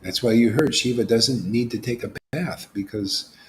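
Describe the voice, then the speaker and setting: A man speaks as an informal spiritual teacher in a medium-pitched voice, preaching with lively swings from hushed whispers to loud, excited exclamations. A faint hiss of background noise sits under the recording. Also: moderate pace. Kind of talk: informal devotional talk.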